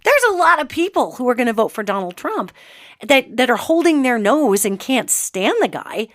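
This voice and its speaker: Chatty, animated American woman host. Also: a little high, no echo, studio quality. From United States. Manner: chatty, emphatic, sarcastic asides. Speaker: host and psychic. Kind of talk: casual monologue.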